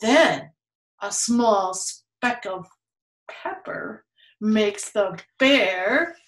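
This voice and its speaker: Woman reading a kids picture book, slow and lively, bouncy voice, echoey room. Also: medium pitch. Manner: playful, animated, laughs often. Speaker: children's museum storytime reader.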